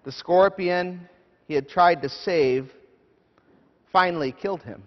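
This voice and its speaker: Pastor for a sermon read: male, slightly raised pitch, unhurried storyteller, dull lo-fi recording in a big echoing church. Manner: measured storytelling with prayerful pauses. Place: church sanctuary. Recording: dull echoey church hall.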